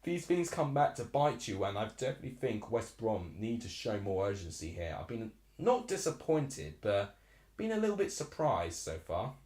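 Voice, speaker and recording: Hosting a live stream watchalong of a football match, this Essex man in his twenties rambles and reacts out loud, very animated at a moderate pace. His voice is on the low side with a darkish tone, in a roomy-sounding space.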